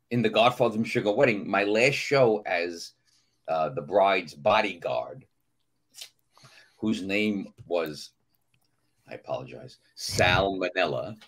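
A man's voice: on the low side, slow, long pauses. A middle-aged man with a New York accent, a guest on a casual podcast, telling stories and acting out voices in them. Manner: animated storyteller, acts out voices in anecdotes. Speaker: guest actor. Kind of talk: casual podcast chat, storytelling.

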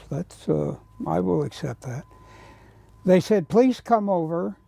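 A man's voice: high-pitched, gravelly, mellow, no echo. A man from America telling anecdotes, acting out other people's lines and sometimes dropping to a whisper. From United States. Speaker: painter telling stories. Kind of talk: anecdotal storytelling.

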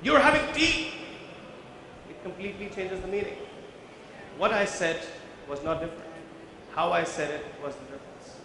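A man gives a workshop talk, stopping often to put questions to the room. His voice sits a little high for a man. It rings through a large hall with long reverb and a faint hiss underneath. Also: a little fast, gravelly, long pauses. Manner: engaging, quizzes the audience, explains step by step. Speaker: visual merchandising trainer. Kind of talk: workshop lecture with audience questions. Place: large conference hall with a live audience. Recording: very echoey hall, faint background noise.

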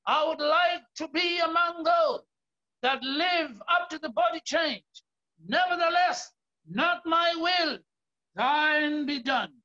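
High-voiced South African pastor preaching slowly. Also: male voice, bright, forceful tone. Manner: emphatic preaching, often raising his voice and stretching key words. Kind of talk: sermon. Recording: dull lo-fi sermon recording.

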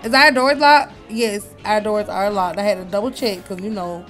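A woman's voice: mid-range voice, steady tone, moderate pace, a bit bright, faint music behind. A young woman giving casual, chatty commentary on her life-sim playthrough, laughing often and scolding her characters. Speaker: let's play host.

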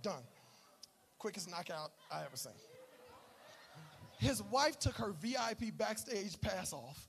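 A man preaching a sermon as pastor, telling a story with animated swings between shouting and hushed asides. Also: high voice, a little slow, vocal fry, slight background noise. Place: church sanctuary.

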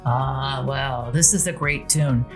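Woman doing a smooth flirting man, low seductive tone, deep voice, storybook romance, faint music behind. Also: takes it slowly. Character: charming suave male tourist flirting at a bar.

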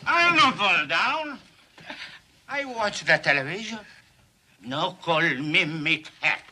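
A man's voice: high voice, very animated, slow, bright, forceful tone, heavily acted. An actor playing a stubborn older immigrant father who speaks blunt, broken English in a 1950s film comedy, with a faint hiss on the old soundtrack. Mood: grumpy.

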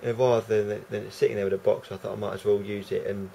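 A man's voice: on the low side, flat delivery, fast talker, creaky, mellow, slight background noise, rough recording. A man with a London accent rambling unscripted to camera, hesitant and full of fillers. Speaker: vlogger. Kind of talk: casual unscripted monologue to camera.

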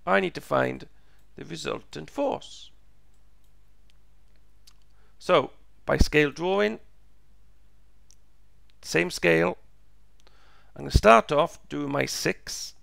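A man teaching a step-by-step physics lesson, slow and patient, repeating each step, his voice croaky and going hoarse. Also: a little high, fairly bright tone, no room sound, clean studio sound. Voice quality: gravelly, croaky.

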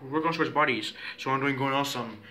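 A man's voice: mid-range voice, quick pace, bright, forceful tone. A man recording himself in playful pretend play, rambling and repetitive, with many restarts.

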